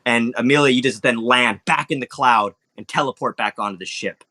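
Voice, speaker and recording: A man narrating as game master, animated, with sound effects and lots of fillers. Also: medium pitch, brisk.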